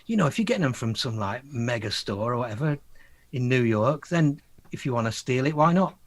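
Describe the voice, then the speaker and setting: Animated man telling stories. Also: medium pitch, brisk. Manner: animated storyteller, acts out quotes, laughs often. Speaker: guest musician. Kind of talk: anecdotal interview talk.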